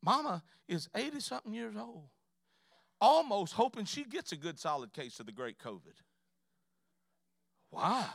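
A middle-aged man, preaching a folksy, humorous sermon story that swings between hushed asides and loud outbursts. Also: sits high, sing-song, a little slow, gravelly, pauses often, no room sound, studio quality. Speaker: pastor. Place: church sanctuary.

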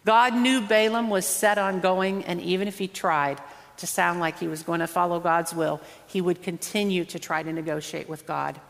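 A woman's voice: lowish voice, fairly even intonation, moderate pace, creaky. A woman preacher delivering a conversational, earnest sermon, drawing out words for emphasis. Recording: long hall reverb.

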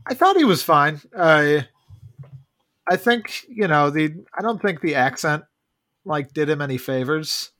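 A man's voice: fairly high pitch, expressive, measured pace, fairly bright tone. A man in a casual movie discussion, talking hesitantly with hedges and restarts. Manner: hesitant, hedging, frequent restarts.

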